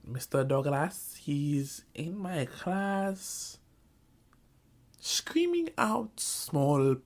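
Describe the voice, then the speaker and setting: A man putting on a to voice an exasperated male teacher who complains slowly and at length. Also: fairly high pitch, very animated, heavily acted. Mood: aggrieved. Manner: slow, drawn-out, aggrieved.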